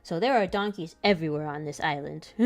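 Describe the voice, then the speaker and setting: A woman's voice: low voice, brisk. A young woman chatting casually while she draws, telling a travel story in a loose, rambling way and laughing often between sentences. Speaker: comic artist and channel host. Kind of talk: casual chat while drawing.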